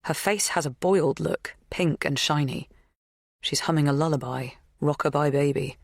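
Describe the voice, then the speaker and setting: A woman narrating a first-person psychological thriller in a measured, tense, intimate way. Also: sits low, creaky, slightly rough, no echo, clean studio sound. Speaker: audiobook narrator.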